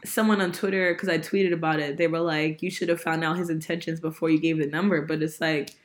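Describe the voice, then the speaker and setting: A young woman telling a story in casual podcast chat, animated, laughing often and swearing freely, a little sick. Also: low voice, fast, slight background noise. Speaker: podcast host.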